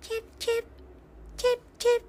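A tiny newborn duckling from a storybook, chirping in a very high baby voice. It speaks slowly and sweetly and is always hungry. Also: female voice, fairly even intonation. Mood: chirpy. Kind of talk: storybook voice acting.

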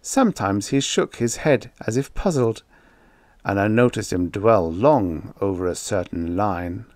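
Male audiobook narrator, low voice, measured and grave, dry studio sound. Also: animated, a little mellow, no room sound. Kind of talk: scripted first-person narration of a horror story.

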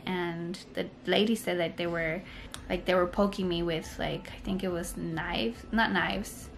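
A woman's voice: lowish voice, steady tone, a little slow, gravelly, a little hiss or hum. A young woman telling a personal story to camera in a casual vlog, rambling and full of "like" and "you know". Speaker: vlogger.

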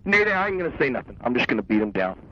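A man's voice: mid-range voice, very animated, very fast, a little hiss or hum. A young man ranting in a casual conversation, agitated, boastful and full of profanity. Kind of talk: casual phone-style conversation. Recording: muffled lo-fi cassette tape.

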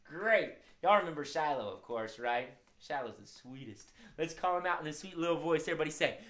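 A woman's voice: low-pitched, lively intonation, brisk, hardly any pauses. A woman who hosts a live-streamed children's music show, speaking in an upbeat way and addressing the kids directly.

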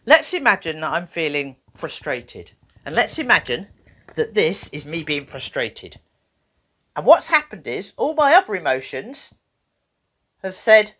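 A woman presenting an educational video for children, talking in a playful, animated way. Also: fairly low pitch, a little slow. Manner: animated, playful, acts out little voices.

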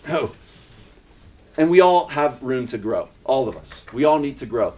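Emphatic preaching man, fairly high voice. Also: lively intonation, normal speed, darkish tone, slight background noise. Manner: emphatic preaching with repeated phrases and rhetorical questions. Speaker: pastor. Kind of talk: sermon. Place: church in Uganda.

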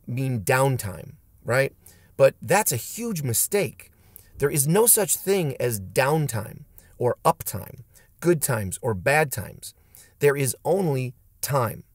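A man's voice: mid-range voice, dry recording, studio quality. Emphatic man giving a pep talk. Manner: emphatic and punchy, with blunt pep-talk lines. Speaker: martial arts instructor and channel host. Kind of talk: motivational talk to camera.

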